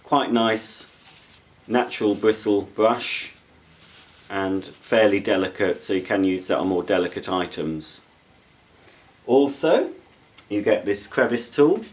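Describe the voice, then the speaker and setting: A man's voice: fairly low pitch, lively intonation, slow, pauses often. A man giving a chatty, playful product demonstration with jokey asides. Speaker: product reviewer. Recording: roomy echo.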